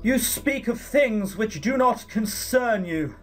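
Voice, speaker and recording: A man voicing solemn, ancient fairy beings who speak slowly and grandly. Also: high-pitched, lively intonation, a bit bright, soft background music, pitched above the performer's own voice, heavily acted. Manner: slow, stately, portentous.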